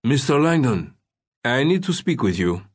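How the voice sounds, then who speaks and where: A curt police lieutenant with a French accent, barking in a sharp, authoritative way and pitched higher than the reader's own voice, as an audiobook narrator puts him on. He is firm and businesslike. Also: very animated, normal speed, slightly rough. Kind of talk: audiobook character voice.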